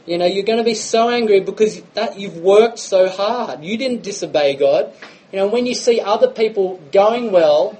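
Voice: mid-range voice, moderate pace, warm tone, low-quality recording. A preacher, giving a conversational sermon full of rhetorical questions.

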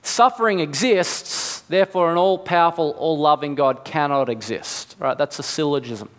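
A man's voice: a little high, normal speed, a bit bright, in a large hall. A man preaching a sermon, reasoning aloud with rhetorical questions and acted asides.

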